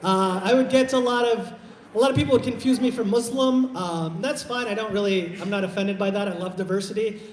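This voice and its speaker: A man from Iowa doing a stand-up set, low-key and halting with lots of fillers, into a stage mic at a live show. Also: slight background noise. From Iowa, USA. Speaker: stand-up comedian. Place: live comedy show in a hall. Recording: roomy hall reverb.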